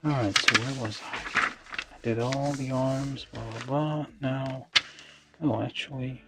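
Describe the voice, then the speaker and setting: Brief: gravelly-voiced man, slow and mumbling, streaming a model build with music underneath. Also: mid-range voice, steady tone. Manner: mumbling, thinking aloud, many fillers. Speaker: model kit livestreamer. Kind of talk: casual talk while building. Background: background music.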